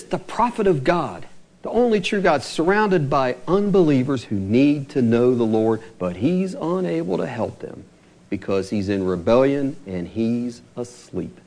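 Middle-aged pastor guy preaching, asks the congregation questions, really expressive ups and downs. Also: fairly high pitch. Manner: animated preaching with rhetorical questions. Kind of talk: sermon.

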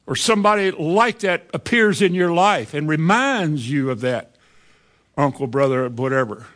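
A man preaches a sermon plainly, often voicing the words of bitter people as if quoting them. His voice is on the high side, with a fairly bright tone.

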